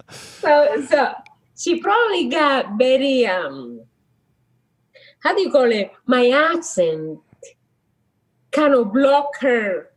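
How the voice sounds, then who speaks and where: A middle-aged woman from the Dominican Republic speaks with a Dominican Spanish accent. Her voice sits high and swings widely as she tells stories. She often stops to search for an English word and laughs easily. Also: sing-song, very slow, long pauses, low-quality recording. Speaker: guest, social worker. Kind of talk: casual conversational storytelling.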